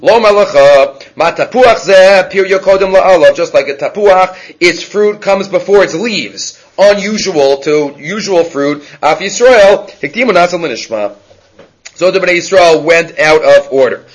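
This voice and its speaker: A man giving a Talmud class, animated, mixing in Hebrew and Aramaic terms and restarting his sentences. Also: high-pitched, a little slow, highs cut off. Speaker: Talmud teacher.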